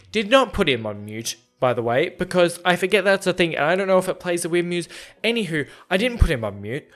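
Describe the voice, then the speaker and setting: Young male podcast host, slightly high voice, rambling self-deprecating storyteller, faint music underneath. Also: expressive, a little fast, a bit bright. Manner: rambling, self-deprecating, acts out both sides of conversations. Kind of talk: casual storytelling chat.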